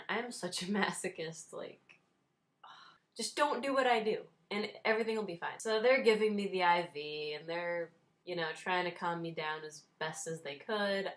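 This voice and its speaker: A young woman in her twenties talks straight to her viewers in a relaxed vlog. Her voice sits a little low, and her tone stays wry and self-mocking, with small laughs slipped in. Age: 20s. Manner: wry, self-deprecating, laughs while telling. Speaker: vlogger. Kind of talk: casual storytelling vlog.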